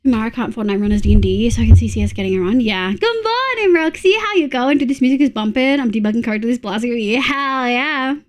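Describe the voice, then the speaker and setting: Talking fast with few pauses, this young Australian streamer has a voice on the high side. She chats casually with her audience as she plays, muttering and cursing when irritated.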